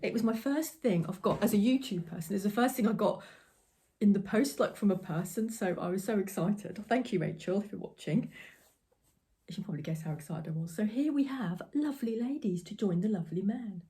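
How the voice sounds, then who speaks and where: Chatty woman with a mellow voice. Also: medium pitch, a little fast. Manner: chatty, rambling, giggly. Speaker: crafting podcast host. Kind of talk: casual chat. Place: home crafting room.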